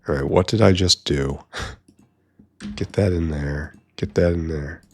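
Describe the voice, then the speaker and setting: Deep, slightly mellow and edged with breathiness, this gameplay streamer's voice drifts through a lengthy session without hurry, as if partly talking to himself. Wry, dry remarks pepper his casual commentary while typing and key clicks sound behind him.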